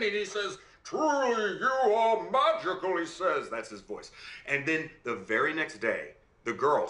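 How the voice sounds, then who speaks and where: A man telling a fairy tale aloud in an animated way, often checking in with his listener. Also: high-pitched, exaggerated voice. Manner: animated, checks in with "right?" and "okay?". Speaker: storyteller. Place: room on a video call. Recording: roomy room sound.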